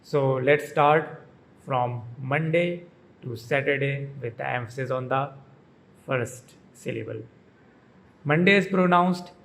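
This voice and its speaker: Slow, careful male pronunciation teacher. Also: on the high side, poor audio. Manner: repeats each word twice, carefully enunciated. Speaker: pronunciation channel host. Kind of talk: slow, deliberate pronunciation lesson.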